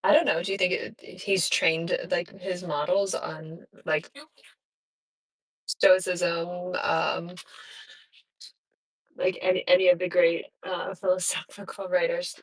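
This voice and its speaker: A woman's voice: fairly low pitch, level tone, takes it slowly, long pauses, poor audio. A woman in a casual discussion, asking questions hesitantly with frequent likes and ums.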